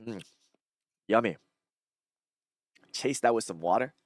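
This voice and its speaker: A man's voice: lowish voice, slow, no room sound, clean studio sound. A man talking casually on his own, reading short thoughts aloud and musing on them in a rambling, reflective way. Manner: rambling, reflective, many fillers and restarts. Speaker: streamer.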